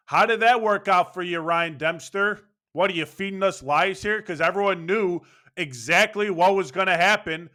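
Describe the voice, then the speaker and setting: Guy ranting about baseball, high bright voice, sarcastic and swearing. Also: moderate pace. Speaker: baseball fan commentator. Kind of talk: ranting sports commentary.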